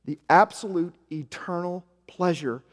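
High-voiced pastor preaching in a reverberant hall. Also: male voice, measured pace. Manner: emphatic, swings from hushed to loud, repeats key lines. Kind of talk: sermon. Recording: long reverb of a large hall.

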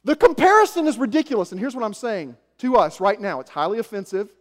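A man in his forties from Arkansas, preaching a sermon with self-mocking stories, shifting from quiet asides to loud emphasis. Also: high voice, very animated, fast talker. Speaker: pastor. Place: church sanctuary. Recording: echoey hall.

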